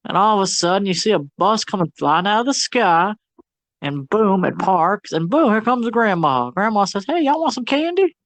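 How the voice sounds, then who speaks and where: A man's voice: sits high, lively intonation, normal speed, a bit bright, dry recording. A man co-hosting a movie review podcast in casual chat, retelling a plot with slangy jokes and playful put-on voices.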